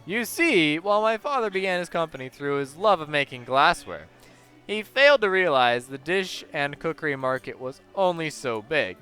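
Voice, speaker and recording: A man's voice: fairly high pitch, very animated, normal speed, pushed and bright, clean tone, soft background music. A man voicing a pompous, self-satisfied factory owner in his sixties who hosts a gala, speaking in formal, flowery phrases. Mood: explaining. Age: 60s. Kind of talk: reading game dialogue aloud.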